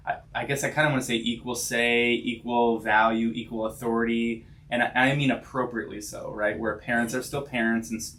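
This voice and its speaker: A man with a mid-pitched voice co-hosts a podcast as a counselor. He explains ideas in a thoughtful, conversational way and often checks in with his listener. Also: a bit bright. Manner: thoughtful, explanatory, tag questions. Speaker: podcast co-host, licensed counselor.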